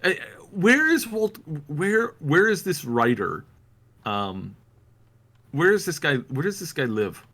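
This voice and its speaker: A man's voice: on the high side, very animated, slow, pushed and bright. A man co-hosting a gaming podcast, ranting sarcastically and sounding exasperated in casual chat. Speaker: podcast co-host.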